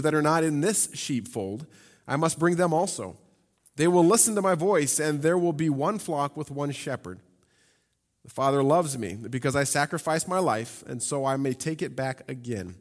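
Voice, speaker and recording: A man delivers a sermon in an animated voice that rises and falls a great deal, slightly higher than most men. He reads scripture, then talks to the congregation casually and with humor. His voice rings with the long reverb of a large hall. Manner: lively, conversational preaching with humor and asides. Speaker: pastor.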